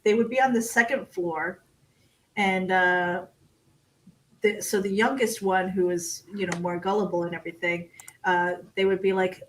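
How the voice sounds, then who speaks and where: Animated woman telling a funny story. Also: mid-range voice, moderate pace, a little hiss or hum, poor audio. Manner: animated storyteller, laughs often, acts out quotes. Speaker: guest author. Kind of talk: casual storytelling interview.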